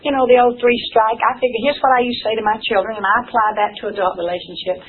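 A woman's voice: on the high side, steady tone, fast talker. An older woman giving an earnest, emphatic church teaching talk, folksy and repeating key phrases for effect. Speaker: speaker teaching ministry wives. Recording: distant, phone-like, faint hiss.

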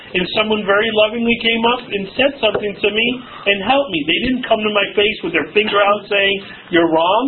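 A male pastor preaching a sermon in a church, often prompting his congregation to finish his sentences and quoting older scripture wording. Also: high-pitched. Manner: preacher cadence with King James quotes. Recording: phone-like band with faint noise.

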